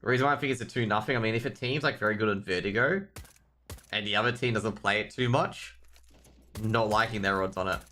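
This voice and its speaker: A man's voice: fairly low pitch, fast, bright, forceful tone, slight background noise. An Australian man casting a live esports match, rambling and joking with the chat between rounds. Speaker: esports caster.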